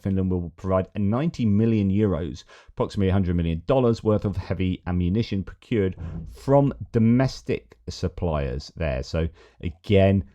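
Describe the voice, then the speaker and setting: A man with a deep, dark-toned voice hosts a news commentary show. He reads reports aloud and then muses on them himself, using fillers and restarting his sentences.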